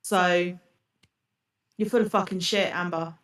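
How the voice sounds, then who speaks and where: A woman's voice: on the low side, fairly even intonation, unhurried, a bit bright, distant mic. A woman streamer ranting furiously on a live reaction stream, swearing and throwing accusations.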